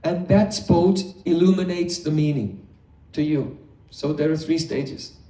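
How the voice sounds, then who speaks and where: A man's voice: a little high, a little slow, dark tone. A man giving a philosophy lecture as a spiritual teacher, explaining step by step and asking rhetorical questions. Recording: echoey room, mic far off.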